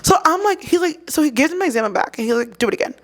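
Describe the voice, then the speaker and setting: A woman, a guest, telling a story in casual chat, animated and quoting people in lively voices. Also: sits high, fast talker. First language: English.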